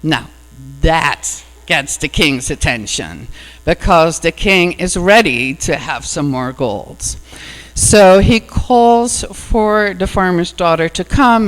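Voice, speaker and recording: A woman minister giving a sermon and retelling a fairy tale in a conversational storytelling way, full of "you know" asides. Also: fairly low pitch. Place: church hall. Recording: echoey hall with mains hum.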